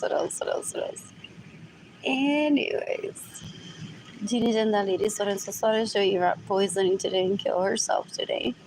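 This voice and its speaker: A woman's voice: medium pitch, creaky, slight background noise, low-quality recording. A woman talking alone on a livestream, rambling and muttering, repeating herself and switching languages mid-sentence. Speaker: livestream host. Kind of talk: rambling solo livestream talk.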